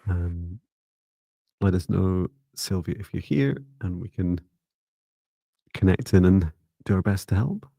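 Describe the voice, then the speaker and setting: A man co-hosting a live psychic reading stream, talking calmly and reassuringly and calling out to viewers. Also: low voice, unhurried, gravelly, pauses often, dry recording, studio quality. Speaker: psychic reader, livestream co-host.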